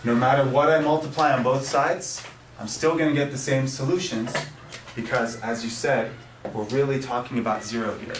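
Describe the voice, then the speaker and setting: A man's voice: medium pitch, fairly even intonation, normal speed, background noise. A man teaching a math class, playful and upbeat, quizzing his students. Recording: echoey classroom, mic at a distance. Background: students answering.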